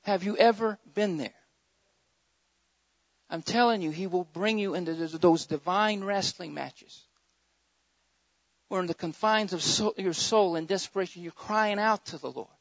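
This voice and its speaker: A man preaching with a high, lifted voice and impassioned fervor, rising into loud surges, then dropping to quieter emphatic passages. He repeats his key phrases for emphasis. The recording is dry and dull, like a lo-fi sermon tape. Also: measured pace, long pauses, no room sound. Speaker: pastor.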